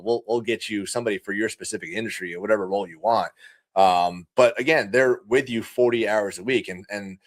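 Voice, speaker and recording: A man who is a guest on a podcast, chatting about running his business with a lively, animated delivery and easy laughs. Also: fairly low pitch. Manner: animated, fast-talking, laughs easily. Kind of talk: casual conversational interview.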